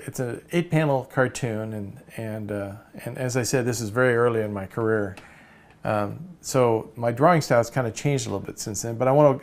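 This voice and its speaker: A man teaching a cartooning course in a relaxed way, with many fillers and restarts. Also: medium pitch, vocal fry. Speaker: cartooning instructor. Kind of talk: casual course lecture.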